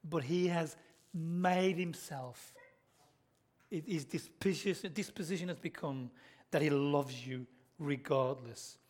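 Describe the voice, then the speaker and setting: A man with a Black Country accent preaching a sermon, earnestly and directly addressing his listeners, often dropping to soft, intense tones. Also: fairly high pitch, takes it slowly. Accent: Black Country English.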